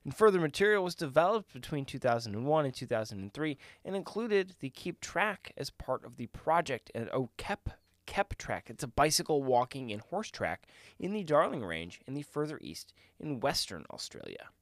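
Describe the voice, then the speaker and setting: A man's voice: mid-range voice, sing-song, normal speed, no room sound, studio quality. Wry man co-hosting a podcast. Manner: wry, joking asides while reading. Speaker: co-host. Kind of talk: casual podcast chat.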